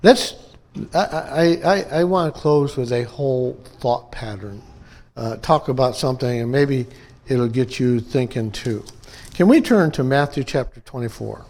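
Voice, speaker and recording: A man's voice: medium pitch, animated, measured pace, darkish tone. A pastor from upstate New York delivering a conversational sermon to his church, often checking in with the congregation by asking "okay?" and "amen?".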